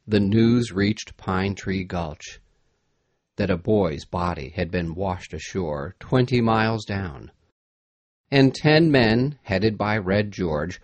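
A man reading an adventure story aloud in an expressive, dramatic manner. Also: deep voice, no room sound. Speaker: narrator. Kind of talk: storybook narration.

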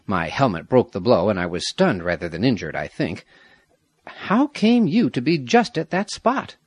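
A man reading the part of a brave, loyal young soldier, earnest and measured, with a husky voice. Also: mid-range voice, big pitch swings, dry recording. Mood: calm.

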